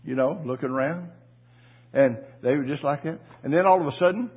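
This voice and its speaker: Folksy middle-aged pastor, kinda husky, bit high voice, sounds like it's over a phone line. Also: male voice, brisk. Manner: folksy, repeats words, rises to loud exclamations. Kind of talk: sermon with storytelling. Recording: tinny phone-like audio.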